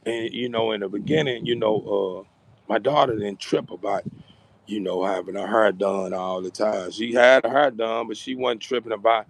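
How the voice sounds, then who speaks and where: Gravelly man giving a rambling pep talk. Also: on the low side, steady tone, moderate pace, a little hiss or hum. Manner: rambling, repeats words and keeps asking "you know what I'm saying". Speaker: vlogger addressing his channel's audience. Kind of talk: casual motivational talk.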